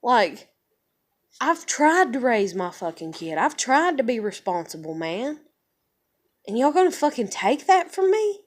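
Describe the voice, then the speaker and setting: A woman with a fairly high-pitched voice talks straight to her camera in a casual vlog. She vents her frustration in a long rant and swears constantly. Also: big pitch swings, unhurried. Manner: frustrated, heavily profane ranting. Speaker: vlogger. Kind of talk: casual venting monologue to camera.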